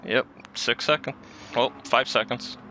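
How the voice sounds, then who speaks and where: A man's voice: medium pitch, steady tone, unhurried, background noise. A man co-commentating an online racing league, laid-back and chuckling often as he talks race strategy.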